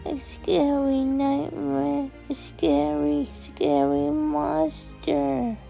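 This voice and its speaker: A woman voicing a scared little girl who talks slowly and pleads. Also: high-pitched, fairly even intonation, gravelly, mellow, soft background music, voice pushed up, full character voice, rough recording. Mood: frightened.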